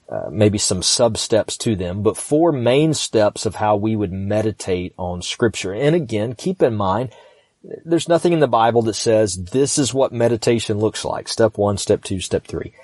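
A man hosting a podcast, calmly walking listeners through a Bible passage in practical, instructional steps with the occasional um. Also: fairly low pitch, no echo, studio quality. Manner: calm, practical, instructional, with fillers. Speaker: pastor and podcast host.

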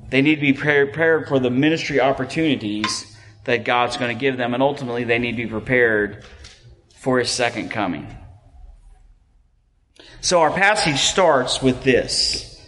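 A man preaching a sermon as a pastor in a relaxed, conversational way, joking at his own expense and using lots of fillers. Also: mid-range voice. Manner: conversational, self-deprecating, many fillers. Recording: long reverb of a hall.

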